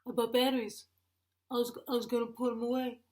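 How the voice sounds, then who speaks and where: A woman's voice: fairly high pitch, flat delivery, fairly quick, a little mellow, pitched above the performer's own voice, natural voice. A woman voicing a helpless, whiny middle-aged husband in a stand-up impression, whining and calling out over and over. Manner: whining, helpless, calls out repeatedly.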